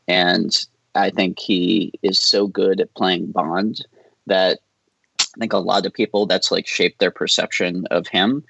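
A man guesting on a podcast, talking in a relaxed, rambling way and laughing often. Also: deep voice, creaky, slightly rough, dry recording, rough recording. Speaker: film director guest. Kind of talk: casual podcast interview.

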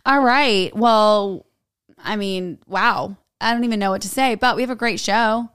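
A woman's voice: medium pitch, a little slow, fairly bright tone, clear, resonant tone, dry recording, clean studio sound. A woman in her late thirties co-hosting a podcast, chatting casually and joking, swearing freely. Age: 30s. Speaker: podcast co-host. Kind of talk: casual chat.

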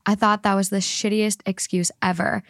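A woman hosting a podcast, reading a story aloud in a lively voice and laughing often. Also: medium pitch, no room sound, clean studio sound. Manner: animated, laughs often, reads quickly. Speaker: podcast host.

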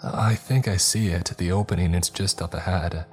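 A man with a very deep voice voicing a frightened woman in a horror story, her voice shaking and pleading. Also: normal speed, darkish tone, soft background music, close to an everyday voice. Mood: hopeful. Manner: shaky, pleading. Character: frightened young woman trapped with the narrator.

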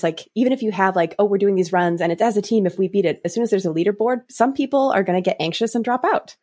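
A woman who is a guest on a podcast, chatting casually with lots of "like" fillers. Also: medium pitch. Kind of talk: casual chat.

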